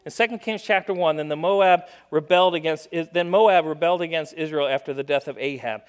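Animated, higher-voiced male preacher. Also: a little fast, clean tone. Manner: animated storytelling, acting out quoted lines with bursts of volume; drops to quiet asides and jokes. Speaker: guest preacher. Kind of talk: sermon.

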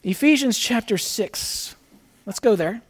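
A pastor with a notably high voice gives an earnest, conversational sermon. He talks straight to his congregation, then reads scripture aloud with rising emphasis. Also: lively intonation, a little slow, slightly rough.

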